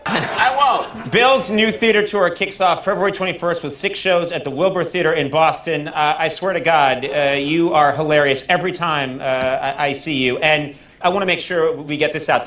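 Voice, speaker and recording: A man's voice: on the high side, moderate pace, fairly bright tone, roomy sound, a little hiss or hum. A male talk show host who wraps up a segment and effusively plugs upcoming events.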